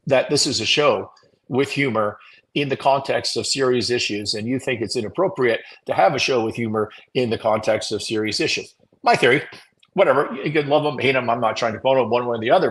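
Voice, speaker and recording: Male morning-show host, mid-pitched, blunt opinionated commentary, animated, swears freely. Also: poor audio. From Canada.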